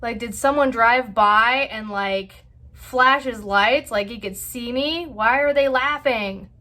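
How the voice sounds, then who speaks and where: A woman's voice: on the high side, slow pace, bright, forceful tone. A woman voicing her flustered, embarrassed mother in a story, speaking in anxious questions.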